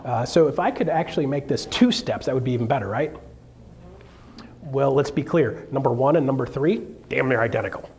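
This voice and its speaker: A man coaching a live seminar audience in an animated, jokey way, acting out quotes in a raised voice. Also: medium pitch, fairly quick. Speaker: real estate coach. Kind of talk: energetic seminar talk.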